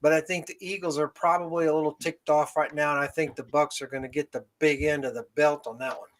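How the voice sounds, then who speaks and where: A man hosting a casual sports talk show, giving measured opinions and thinking aloud. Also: a little high, level tone. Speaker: podcast host.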